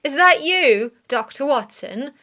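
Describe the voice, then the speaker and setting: A woman reading a scheming man who feigns friendly concern, asking questions in a smooth, inquisitive way in an audiobook. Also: sits high, animated, slow, a bit bright, exaggerated voice. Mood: inquiring.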